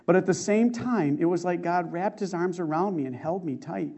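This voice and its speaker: A woman's voice: on the low side, normal speed, mellow. A man voicing a remorseful young woman, anguished and urgent, in a muffled lo-fi recording. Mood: urgent, shaken.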